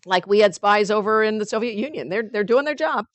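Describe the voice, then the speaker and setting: A woman's voice: medium pitch, expressive, a little fast, dry recording. A woman leading a spiritual study group. She reads passages aloud and talks about them in a loose, conversational way with many fillers. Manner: reads passages aloud, then comments in a chatty way.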